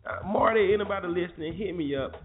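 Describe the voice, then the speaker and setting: A man's voice: sits high, fast talker. A man hosting a morning show, ranting about sports in a heated, profane, repetitive way. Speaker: show host. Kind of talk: casual sports rant. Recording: tinny phone-like audio with faint music.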